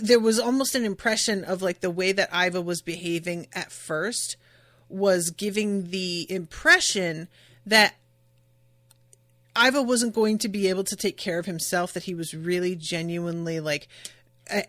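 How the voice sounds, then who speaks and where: A woman's voice: lowish voice, fairly bright tone, dry recording. A woman podcast host chattily recapping an anime episode, with lots of fillers. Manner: chatty, enthusiastic, many fillers.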